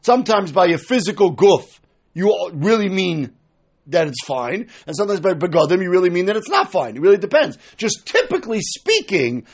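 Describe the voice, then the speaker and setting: A man's voice: high-pitched, big pitch swings, moderate pace, slightly rough. A man teaching a Talmud study lecture, explaining step by step and acting out the speakers he quotes.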